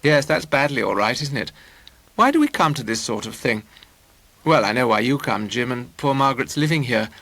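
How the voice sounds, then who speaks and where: A man voicing a poised, mature woman who speaks in a very clear, dry, ironic way. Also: mid-range voice, very animated, moderate pace, a bit bright, no room sound. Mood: wry. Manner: abnormally clear, dry irony.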